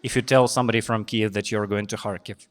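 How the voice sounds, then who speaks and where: A young man with a Ukrainian accent doing deadpan stand-up comedy on a stage. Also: lowish voice, fast talker. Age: young adult.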